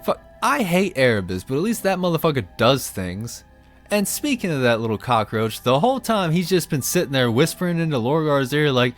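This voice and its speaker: A man's voice: on the high side, very animated, brisk, soft background music. A man ranting about fantasy lore in a sarcastic, profane, comedic commentary style.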